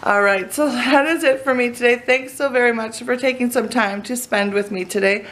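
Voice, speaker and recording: A woman's voice: a little high, moderate pace, fairly bright tone. A young woman giving a casual tour of her living room for a home vlog, a bit out of breath and nervous, chatty and rambling with lots of fillers. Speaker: home decor vlogger. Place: indoor living room, hot room.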